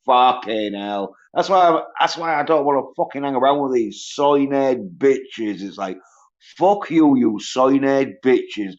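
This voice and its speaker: A man's voice: expressive, measured pace. Profane ranting man, lo-fi stream. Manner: profane, ranting, mocks others in high whiny voices. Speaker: livestreamer. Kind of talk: angry solo livestream rant. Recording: dull lo-fi stream audio.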